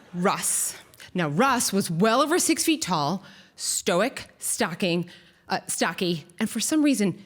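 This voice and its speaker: A woman telling a comic, animated story live on a theater stage. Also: mid-range voice. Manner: comic and animated, acts out quotes. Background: audience.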